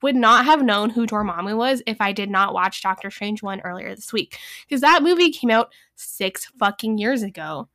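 In a casual movie review chat, a young woman co-host talks in an animated, slightly bright mid-range voice at a moderate pace with few pauses. Her speech is rambling and profane, packed with fillers, especially "like."

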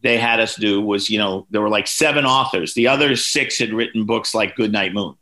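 A man in his sixties tells story after story as a podcast guest, his voice lowish but bright and forceful. He acts out the people in his anecdotes, jumping up in pitch for their lines. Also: fairly quick. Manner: lively anecdotes, voices quoted people with big pitch jumps. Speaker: author and guest.

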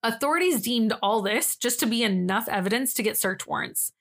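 A woman's voice: a little high, lively intonation, brisk, creaky. Sarcastic young woman telling a true-crime story. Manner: sarcastic, acts out quotes in different voices. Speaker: podcast co-host.

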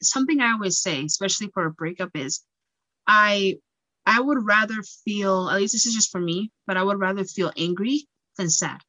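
Bright, lively young woman from Central Africa. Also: medium pitch, moderate pace, dry recording. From Equatorial Guinea. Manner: lively, laughs often, animated storytelling. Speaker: guest, pageant titleholder and singer. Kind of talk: casual interview chat.

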